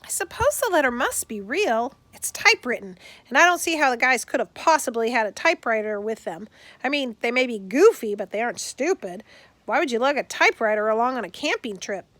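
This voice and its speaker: A woman's voice: on the high side, very animated, fairly quick, a bit bright, no echo. A woman reading the part of a thoughtful, skeptical young girl in an audiobook, asking doubtful questions.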